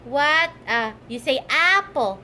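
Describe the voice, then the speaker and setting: A woman's voice: high-pitched, expressive, slow, pushed and bright, slight background noise. A young woman at home, coaxing her toddler in a sing-song voice while filming on a phone. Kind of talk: casual home vlog.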